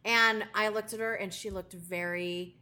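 A woman co-hosting a podcast in casual chat, asking quick questions and laughing loudly. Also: medium pitch, fairly even intonation, a crowd in the background. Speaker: podcast co-host.

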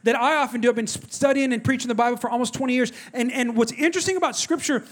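High-voiced animated preacher, a man. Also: very fast. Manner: animated storytelling, talks straight to the congregation. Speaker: pastor. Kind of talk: sermon.

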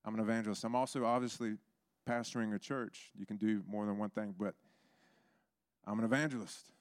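Animated man preaching a sermon. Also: normal speed. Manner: animated, acts out others with big pitch jumps. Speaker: pastor. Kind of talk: sermon storytelling.

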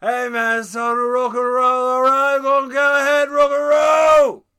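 A man putting on a loud, drawling rock singer impression, shouting rowdy stage banter. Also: extremely high pitch, monotone, a little slow, clear, resonant tone, pitched above the performer's own voice, exaggerated voice. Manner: shouting, drawling rocker bravado.

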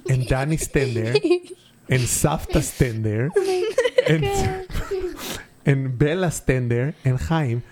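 A man with an Israeli accent telling a story to his kids in a casual family setting. He tells it in lively storyteller fashion, using simple, non-native grammar. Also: mid-range voice, slow, a crowd in the background.

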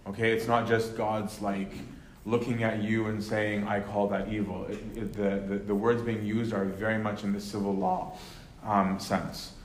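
A man leading a casual Bible study, talking loosely with lots of "right?" and "um", then slowing down to read verses aloud. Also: fairly low pitch, level tone. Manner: conversational, many fillers and tag questions, slows to read scripture. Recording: echoey room with faint noise.

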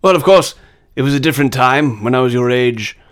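A man's voice: medium pitch, fairly quick, close to an everyday voice. A man doing an impression of a pompous older British film mentor with a put-on British accent, stately and bossy. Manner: stately, then erupts into shouting.

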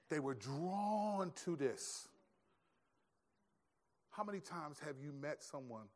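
A pastor preaching a sermon in an animated, conversational storytelling way. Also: male voice, a little high, normal speed, pauses often.

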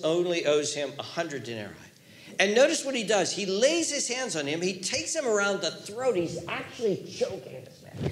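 Animated male preacher in an echoey room. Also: high-pitched. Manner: animated storytelling, swings from hushed to loud. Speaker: pastor. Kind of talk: sermon.

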